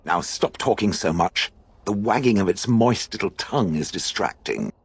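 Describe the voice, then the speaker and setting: A man's voice: fairly low pitch, very animated, normal speed, gravelly, husky, no echo, exaggerated voice. A man voicing a sardonic, disdainful ancient stone golem in video game dialogue, speaking in a dry, mocking, condescending way.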